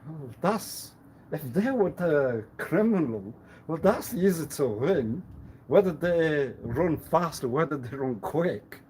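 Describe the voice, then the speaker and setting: A man's voice: on the high side, animated, takes it slowly, darkish tone, slight background noise, poor audio. A man in a rambling live-stream monologue, lecturing with repeated rhetorical questions, laughing often and repeating himself. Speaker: livestreamer.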